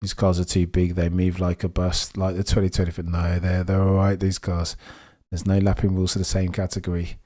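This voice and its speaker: Fairly quick and barely pausing, a young low-voiced man with a Birmingham accent from England commentates live on a motor race during his livestream. He chats excitably about the action and reads out and answers messages from viewers.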